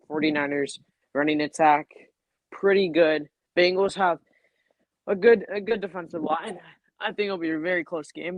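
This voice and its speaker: A man's voice: a little high, no room sound, rough recording. A man co-hosting a casual sports stream, talking hesitantly with fillers as he gives his picks. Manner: mock-whining, hesitant. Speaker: co-host.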